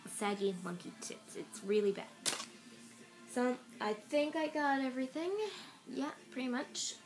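A young woman's high-sitting voice carries through a low-quality iPad recording as she rambles unhurriedly and casually through a haul video, offhand and filler-heavy. She's a vlogger, and faint radio music can be heard in the background.

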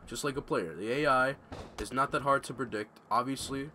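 A man's voice: medium pitch, brisk, sharp tone, slight background noise. A young man giving casual, ranting gameplay commentary at home, swearing freely. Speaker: gamer commentator. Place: home room.

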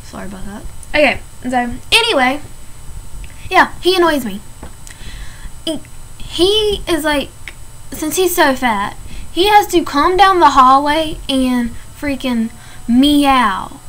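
Chatty teenage girl, high voice. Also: lively intonation, takes it slowly, pauses often, a bit bright, a little hiss or hum, poor audio. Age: teens. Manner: chatty, filler-heavy, exasperated. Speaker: vlogger. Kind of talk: casual ranting vlog.

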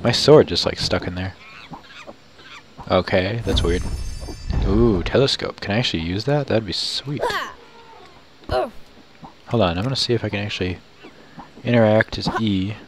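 A goofy man with a fairly low voice narrates his game playthrough in a loose, joking way. He keeps breaking into sudden high yelps of excitement. A faint hiss sits under the recording. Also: a little slow, pauses often. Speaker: gamer. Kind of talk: casual let's play commentary.

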